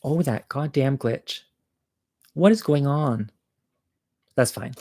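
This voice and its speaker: A man's voice: medium pitch, slow, dark tone, dry recording, clean studio sound. A man telling a personal story to viewers over a livestream, candid and chatty, poking fun at himself and laughing at his own jokes. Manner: candid, self-mocking humor.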